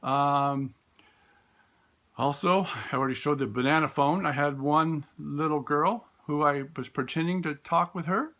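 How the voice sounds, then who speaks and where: A man, a special education teacher, telling classroom stories in a relaxed, storytelling way. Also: on the high side, unhurried. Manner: warm storytelling, acts out voices in quotes; frequent fillers and restarts. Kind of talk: informal talk with classroom stories.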